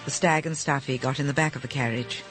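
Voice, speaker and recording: A man narrating an audiobook of short stories with a lively, expressive reading. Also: mid-range voice, fast talker, over music. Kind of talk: scripted narration.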